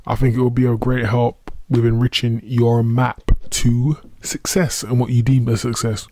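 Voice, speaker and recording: Mellow-voiced man hosting a motivational podcast. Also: medium pitch, dry recording. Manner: earnest, conversational, self-deprecating asides. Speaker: podcast host. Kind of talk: solo motivational podcast monologue.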